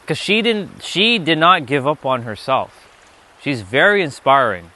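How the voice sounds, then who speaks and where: A man's voice: fairly high pitch, sing-song, a little slow, sharp tone. Emphatic, swearing motivational male streamer. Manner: profane, emphatic, repeats himself. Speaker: livestream speaker. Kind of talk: motivational livestream talk.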